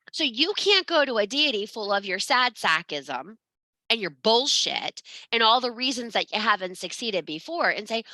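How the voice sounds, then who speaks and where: A woman's voice: a little high, lively intonation, moderate pace, bright, forceful tone, dry recording. A woman giving an informal spiritual talk in a blunt, emphatic and profane way. She speaks as a parent. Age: adult parent.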